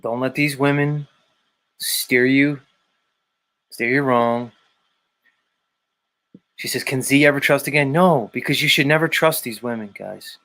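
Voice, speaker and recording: A man's voice: medium pitch, measured pace, long pauses, fairly bright tone. A man hosting a casual live stream, reading viewer comments aloud and lecturing in a blunt, repetitive, emphatic way. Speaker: show host.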